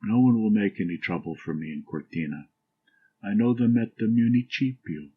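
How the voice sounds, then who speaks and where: A man voicing a drunk, boastful old Italian fishing guide who talks rapidly in broken English. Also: on the low side, lively intonation, husky, phone-quality sound.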